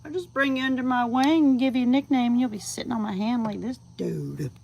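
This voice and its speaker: A woman's voice: on the high side, fairly quick, gravelly, a little mellow, muffled recording, slight background noise. A woman chatting casually on a livestream outdoors at night, cooing to her chickens and dropping to a whisper at times. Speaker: vlogger feeding backyard chickens on a livestream. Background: crickets and insects at night.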